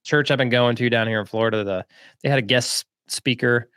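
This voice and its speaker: A man co-hosting a podcast, telling a story in a relaxed, chatty way, with frequent laughs and fillers. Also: medium pitch, smooth, dry recording, clean studio sound. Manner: laid-back, laughs often, quick bursts with lots of fillers. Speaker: podcast co-host. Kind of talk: casual storytelling chat.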